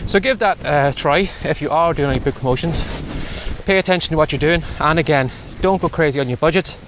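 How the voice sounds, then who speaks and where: Guy talking while walking into wind, a bit out of breath, slightly high voice, faint noise behind. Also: fairly quick. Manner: chatty, advisory. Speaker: podcast host. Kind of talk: casual walking vlog advice. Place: outdoors in strong wind and rain.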